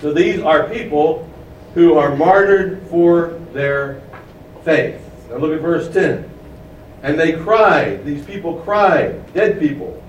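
Speaking at a fairly high pitch over slight background noise, this preacher unpacks a passage and quizzes the congregation. It sounds recorded from afar in a reverberant room.

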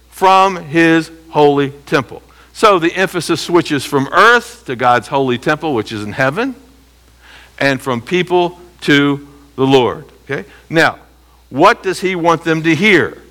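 A man teaching a Bible lesson verse by verse in a lively way, often checking that listeners are following. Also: a little high, measured pace. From United States. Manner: animated, keeps checking listeners with rhetorical questions.

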